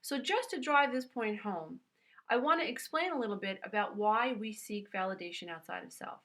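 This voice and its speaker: Bright earnest woman with a New York accent. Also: medium pitch, animated, normal speed. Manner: earnest and emphatic, addresses listener as "dear one". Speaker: self-help speaker. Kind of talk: motivational teaching talk.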